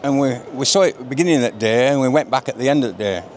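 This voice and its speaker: A man's voice: mid-range voice, racing, darkish tone, a little hiss or hum. A man from Yorkshire with a Yorkshire accent, a show visitor giving short, plain answers. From Yorkshire, England. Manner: plain-spoken, brief answers. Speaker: show visitor and motorhome buyer. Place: busy exhibition hall.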